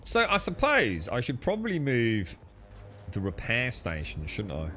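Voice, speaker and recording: A man's voice: mid-range voice, huge pitch swings, unhurried, sharp tone, slight background noise. Chatty young man gaming. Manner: chatty, thinks aloud, laughs easily, slangy. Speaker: gamer streaming co-op play. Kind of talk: casual gaming chat.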